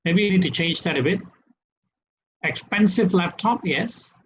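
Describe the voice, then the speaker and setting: Unhurried and lively in intonation, a high-voiced man leads a grammar webinar, speaking English with a Malaysian accent and asking "right?" to check in after every point. He's an English trainer, heard through a webinar computer mic with dull, lo-fi sound.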